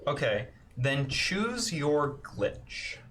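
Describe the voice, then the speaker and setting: A man running a tabletop game as game master, narrating in a relaxed, halting way with frequent fillers. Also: fairly high pitch, a little hiss or hum.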